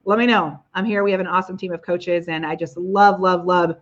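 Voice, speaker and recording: A woman's voice: lowish voice, fairly even intonation, brisk, muffled recording. A woman hosting a casual live video show from her living room, bubbly and exclamatory, gushing over her viewers. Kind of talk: casual live-stream chat.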